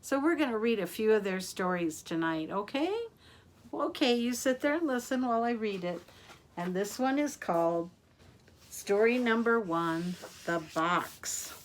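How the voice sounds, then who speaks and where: An older woman reads picture books aloud to children in a slow, unhurried way. Her delivery is gentle and animated at a middle pitch, and she breaks off for friendly asides to her listeners. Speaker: storyteller.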